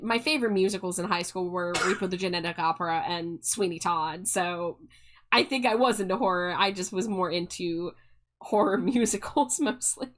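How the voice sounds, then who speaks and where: A woman's voice: on the low side, a bit bright. A young woman streaming live, chatting casually with viewers, giggling and restarting her phrases as she goes.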